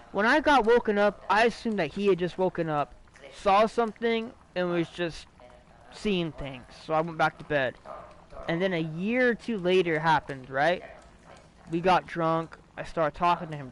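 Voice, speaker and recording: Rambling streamer man, slightly high voice. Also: moderate pace, a bit bright, poor audio. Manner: rambling, profane, restarts and fillers. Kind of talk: casual livestream storytelling.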